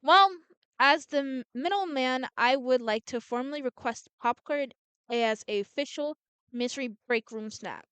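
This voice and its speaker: A woman's voice: sits high, a little slow, a bit bright, clear, resonant tone, no echo. Woman reading a visual novel aloud. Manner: reads all characters in her own voice, frequent restarts. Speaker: gameplay streamer.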